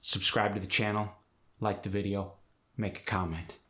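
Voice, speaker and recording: A man hosting an accent lesson, explaining pronunciation rules in a clear, step-by-step way. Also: fairly low pitch, little pitch movement, normal speed, sharp tone. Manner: clear, step-by-step instructive delivery. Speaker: accent coach and channel host. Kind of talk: instructional explanation.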